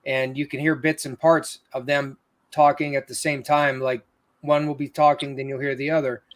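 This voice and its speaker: A man's voice: mid-range voice, level tone, normal speed. A man, a paranormal investigator, earnestly explaining his recordings in casual chat.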